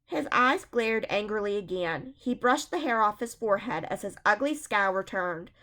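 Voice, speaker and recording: A woman's voice: mid-range voice, expressive, moderate pace, hardly any pauses, a bit bright. A woman reading a suspenseful children's book aloud, chapter by chapter. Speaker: reader.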